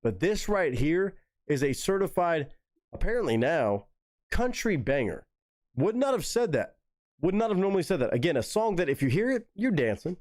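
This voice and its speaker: A man hosting a live music reaction stream, chatting eagerly and swearing freely as he calls out viewers by name. His voice sits a bit high and swings widely in pitch. The sound is dry, with no room echo. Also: very animated, moderate pace, darkish tone. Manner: enthusiastic, profane, addresses chat viewers by name. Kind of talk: casual reaction commentary.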